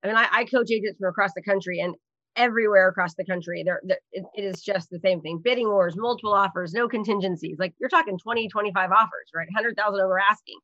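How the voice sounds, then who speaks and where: A woman's voice: medium pitch, fast, fairly bright tone, dry recording, dull audio. A woman hosting an interview and asking questions with energy. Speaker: podcast host and coach. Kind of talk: interview host.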